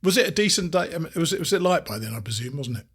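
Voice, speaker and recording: A man's voice: on the high side, expressive, very fast, fairly bright tone, slightly rough. A man hosting a podcast interview, chatty and encouraging, often ending with tag questions. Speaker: podcast host. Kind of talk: casual interview chat.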